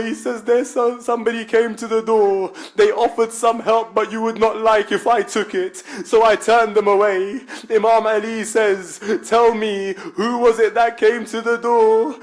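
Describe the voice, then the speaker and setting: A British man delivers a memorial sermon, telling the story through quoted dialogue. His voice sits high for a man, and at moments the telling swells into a near-chanted, emotional recital. He speaks as the speaker at a gathering in a religious centre.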